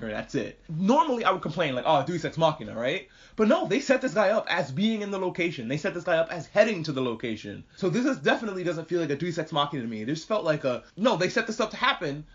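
A man casually reviewing an anime episode on his own, excitable and swearing, acting out the characters as he goes. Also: on the high side, fast talker, few pauses. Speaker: podcast host reviewing anime. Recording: dull lo-fi audio.

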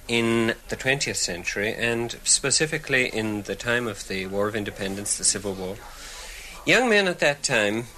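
A man explaining literary history in a measured, explanatory way. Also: medium pitch, sharp tone, poor audio. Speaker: literary commentator. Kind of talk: interview commentary.

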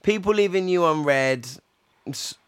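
A man's voice: high voice, a little slow, fairly bright tone, clear, resonant tone, dry recording, clean studio sound. A young man co-hosting a casual chat show, playful and teasing, laughing often. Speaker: podcast co-host.

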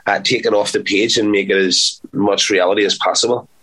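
Playful, chatty actor with a lowish voice. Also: male voice, fairly even intonation, brisk, pushed and bright, slightly rough, low-quality recording. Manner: chatty, playful, repeats words for emphasis. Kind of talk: casual interview chat.

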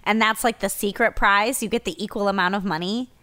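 A woman co-hosting a podcast, telling stories in an animated, playful way in casual chat. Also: medium pitch, a little fast. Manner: animated storyteller who acts out her own outbursts. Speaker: podcast co-host.

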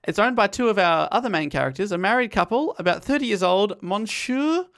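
A man hosting a podcast, retelling a classic novel in casual chat, self-deprecating and quick to laugh. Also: high-pitched, animated, a bit bright.

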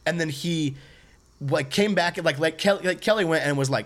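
A young man co-hosting a podcast, telling a story in animated casual chat and quoting people a lot. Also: a little high, normal speed. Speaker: podcast co-host.

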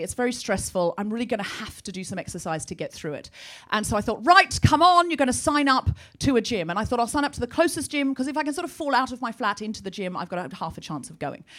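A woman co-hosting a comedy podcast, telling a long story to a live audience and acting out the voices of people she quotes. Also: fairly high pitch. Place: small live venue with audience.

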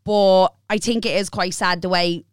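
Frank, animated Irish woman in her twenties. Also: mid-range voice, moderate pace, smooth, no echo, clean studio sound. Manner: frank, animated storyteller, swears freely. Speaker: podcast co-host. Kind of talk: casual podcast chat.

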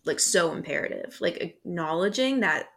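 A woman's voice: on the low side, expressive, normal speed. Young woman host, affirming and chatty. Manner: warm listener, frequent "mm-hmm", laughs along, many fillers. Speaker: podcast host, interviewer. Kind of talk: casual conversation.

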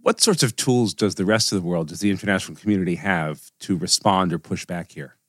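A man hosting a news podcast, asking brisk, direct questions. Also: low voice, no room sound, clean studio sound. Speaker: podcast host.

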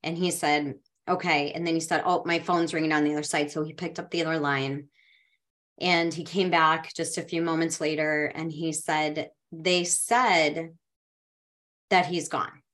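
A woman podcast co-host telling a personal story in a heartfelt, halting way, with frequent restarts. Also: low voice, steady tone, fairly bright tone.

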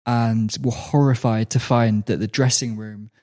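A man hosting a podcast, telling sports stories in a relaxed, laughing chat with frequent restarts. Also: fairly low pitch, unhurried. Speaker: podcast host. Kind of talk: casual chat, storytelling.

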